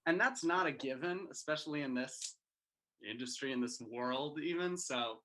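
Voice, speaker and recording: A man in his twenties from Massachusetts, chatting casually as a guest on a video-call interview, quick with jokes. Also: mid-range voice, sharp tone, a little hiss or hum. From Massachusetts, USA. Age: 20s. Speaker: singer and guest.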